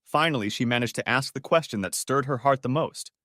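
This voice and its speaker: A man's voice: medium pitch, brisk, dry recording, studio quality. A man narrating a dramatic story as an audiobook reader. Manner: expressive storytelling.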